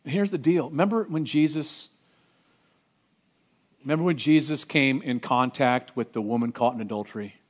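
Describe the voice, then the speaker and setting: A middle-aged man preaching a sermon, acting out voices and swinging from loud declarations to hushed, tender lines. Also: mid-range voice, moderate pace, long pauses. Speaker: pastor.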